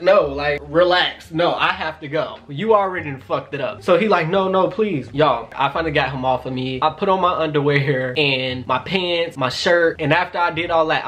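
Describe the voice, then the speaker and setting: A man in his twenties telling a casual storytime to his viewers, animated and profane, talking straight to them. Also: fairly high pitch. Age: 20s. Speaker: YouTuber.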